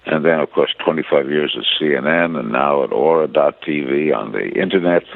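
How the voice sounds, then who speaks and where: A man in his eighties, a veteran broadcaster, telling stories at an unhurried pace with frequent fillers. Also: creaky, dry recording. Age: 80s. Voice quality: very deep voice. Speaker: interview guest, veteran broadcaster. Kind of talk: storytelling reminiscence. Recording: tinny phone-line audio.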